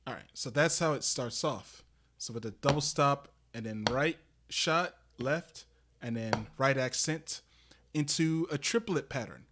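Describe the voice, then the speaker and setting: Guy doing a slow drum lesson on stream, lots of ums and restarts, noisy mic in the background. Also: mid-range voice. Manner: halting, with many fillers and restarts, explaining step by step. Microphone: desk microphone that peaks on loud drum hits.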